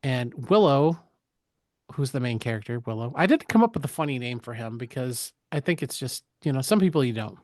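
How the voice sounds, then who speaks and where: A man co-hosting a podcast, recapping a film in casual chat, profane and jokey, slipping into quick voices for the characters. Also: mid-range voice, lively intonation, a little mellow, no echo, studio quality. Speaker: podcast co-host.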